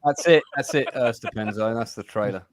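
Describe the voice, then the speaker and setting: A man's voice: medium pitch, brisk. A man chatting on a stream, giving blunt, dry remarks. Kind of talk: casual chat.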